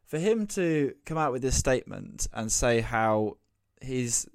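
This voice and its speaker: A man's voice: mid-range voice, animated, unhurried, vocal fry, no room sound. A man co-hosting a casual podcast, talking conversationally with wry asides and plenty of fillers. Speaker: podcast co-host. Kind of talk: casual motorsport discussion.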